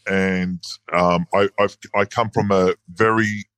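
Low-voiced Australian man in his forties. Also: fairly even intonation, fairly bright tone, clear, resonant tone, no room sound. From Sydney, Australia. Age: 40s. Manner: hesitant, halting, with repeated starts. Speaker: podcast guest. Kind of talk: casual interview chat.

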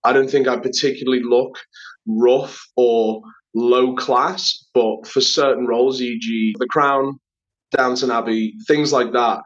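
A chatty Liverpool man, an actor and writer appearing as a guest, tells stories in a casual interview. His mid-range voice is fairly even in intonation and unhurried, and he acts out quoted voices with many fillers. The recording has a slightly dull, lo-fi sound.

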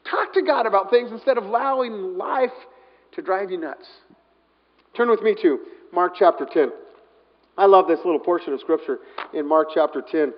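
Animated high-voiced male preacher. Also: moderate pace. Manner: animated, swings from loud to hushed. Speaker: pastor. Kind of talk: sermon. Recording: dull sound, long hall reverb.

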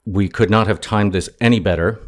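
A man's voice: on the low side, fairly quick. A man hosting a podcast in a casual, jokey, self-mocking way while interviewing a guest. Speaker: podcast host. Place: home in a city.

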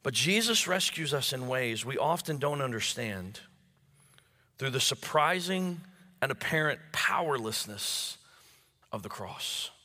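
A male pastor preaching a sermon. He stammers and repeats words as he builds emphasis, then drops to low hushed tones on key phrases. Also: lively intonation, measured pace. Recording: long hall reverb.

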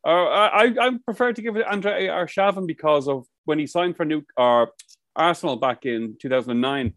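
A man's voice: on the high side, normal speed, a bit bright, dry recording. Rambling, swearing man telling stories. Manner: rambling storyteller, swears a lot. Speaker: podcast co-host. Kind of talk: casual chat. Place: outdoors by the coast.

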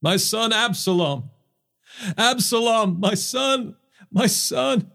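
A man reading the part of a grieving old king who mourns his son, his voice climbing high in anguish. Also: takes it slowly, vocal fry, fairly bright tone, exaggerated voice. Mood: grief-stricken.

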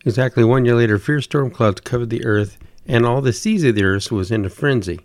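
A man telling humorous stories in a folksy, deadpan way. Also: medium pitch, a little fast, dry recording. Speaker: storyteller. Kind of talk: humorous storytelling.

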